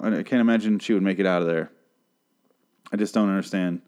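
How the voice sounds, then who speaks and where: A man with a fairly low voice rambling through a TV recap. He is sarcastic and profane and keeps doubling back on himself. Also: fast, darkish tone, smooth. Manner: rambling, sarcastic, swears a lot. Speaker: show recap host.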